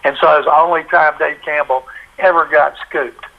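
A man, a sportswriter, telling a story in a lively way and acting out the voices of the people in it. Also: fairly high pitch, fairly quick, vocal fry, lo-fi sound. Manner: animated, acts out quoted voices. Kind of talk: anecdotal storytelling.

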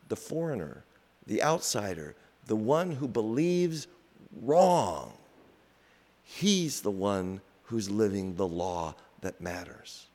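A man preaching a sermon slowly and reflectively, with pauses. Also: fairly high pitch. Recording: long reverb in a large hall.

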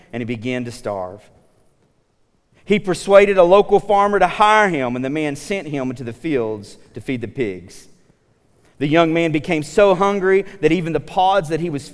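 A man preaching a casual, animated sermon, retelling the story with asides to the congregation. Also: on the high side, long reverb tail. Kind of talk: conversational sermon.

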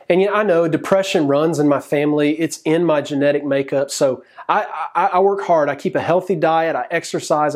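A man's voice: a little high, a little mellow. A man preaching an earnest sermon as a pastor, speaking directly to viewers watching online.

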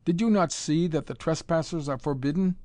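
An excitable, pale young lab assistant, as a male reader puts him on, stiff and stilted in his English, pitched well above the reader's own voice and pushed loud. The dry, close audiobook sound leaves no room around him. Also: normal speed, no room sound, natural voice. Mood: angry. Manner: stilted, agitated, pleading. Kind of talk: audiobook character voice.

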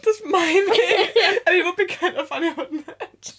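A woman's voice: extremely high pitch, normal speed, a bit bright. A woman co-hosting a podcast, dropping dry quips between laughs in casual chat. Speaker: podcast co-host.

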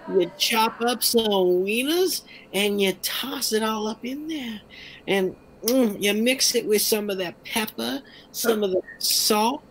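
A man's voice: high voice, a bit bright, slight background noise, pitched above the performer's own voice, heavily acted, rough recording. Folksy Southern home cook, a man's put-on bit, talking easy and homespun. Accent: put-on American Southern. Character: folksy Southern man giving cooking tips. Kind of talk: casual podcast chat.

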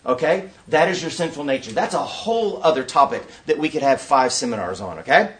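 A man giving a preaching-style conference talk, an animated storyteller who acts out scenes and asks the audience rhetorical questions. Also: a little high, brisk, distant mic. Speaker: workshop speaker at a conference.

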